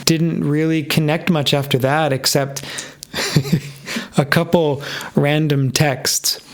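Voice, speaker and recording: Earnest man in his fifties, gravelly. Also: on the high side, unhurried. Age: 50s. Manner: earnest, openly emotional, animated retelling. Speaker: guest, pastor. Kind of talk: personal storytelling interview.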